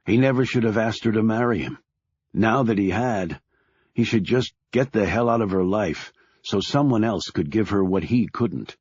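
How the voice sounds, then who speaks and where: A man narrating an audiobook in a steady, measured storytelling manner. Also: on the low side, breathy edge, no echo. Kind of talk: scripted narration. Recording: dull lo-fi recording.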